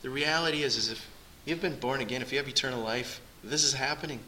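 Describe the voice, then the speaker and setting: A man's voice: mid-range voice, fast talker, sharp tone, a little hiss or hum, rough recording. A man preaching a sermon to his congregation in an earnest, conversational way. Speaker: pastor.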